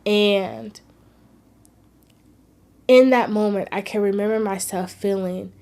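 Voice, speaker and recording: A woman's voice: mid-range voice, slow pace, long pauses. Earnest heartfelt woman telling a story. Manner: earnest and heartfelt, shifting between hushed and emphatic. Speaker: vlogger. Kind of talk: personal storytelling.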